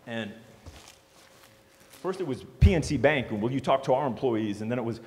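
A man giving a storytelling speech to an audience as a motivational speaker, animated and joking. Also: mid-range voice, normal speed. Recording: long hall reverb.

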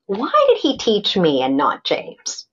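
A woman telling a personal story in an interview, animated and acting out the voices she quotes. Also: medium pitch, takes it slowly, husky. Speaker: guest. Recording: dull lo-fi sound.

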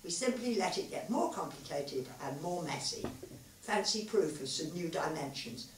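A tipsy male physicist rambles with animated, swooping speech, as a woman reads him aloud. The voice sits fairly low. It comes from a distant mic in an echoey hall with a faint hum of room noise. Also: moderate pace. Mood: musing. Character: rueful man, tipsy physicist, musing. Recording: roomy live hall, far mic.

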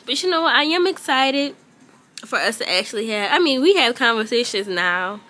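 A woman's voice: fairly high pitch, sing-song, moderate pace, sharp tone. A young woman, vlogging casually as a mother, rambling and emotional with many fillers. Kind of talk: casual vlog talk.

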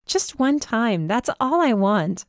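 A woman's voice: a little high, very animated, takes it slowly, no room sound, studio quality, voice pushed up. A woman voicing a playful young man teasing his girlfriend.

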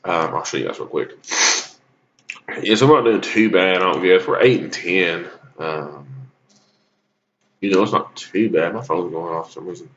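A man's voice: low-pitched, moderate pace, long pauses, fairly bright tone, muffled recording. A man giving rambling, casual commentary on a mobile game, coughing and sneezing with a cold. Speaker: gaming YouTuber.

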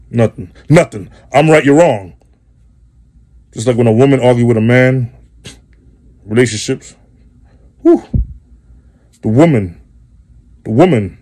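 Male host, comic monologue, mellow tone, swears a lot, rambles and repeats. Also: lowish voice. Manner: profane, rambling, repetitive. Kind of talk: comedic monologue.

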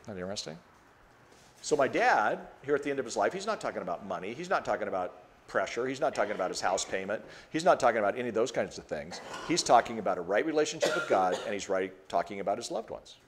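Man telling a story with animated pitch. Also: fast, slight background noise. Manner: storytelling, acts out quoted voices, conversational. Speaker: speaker teaching a lecture. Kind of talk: devotional talk to an audience. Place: room with an audience.

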